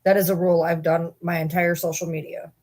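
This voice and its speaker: A woman's voice: fairly low pitch, flat delivery, fairly quick, a little mellow. A woman hosting a casual livestream, chatting and rambling to viewers and swearing casually. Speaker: livestream host.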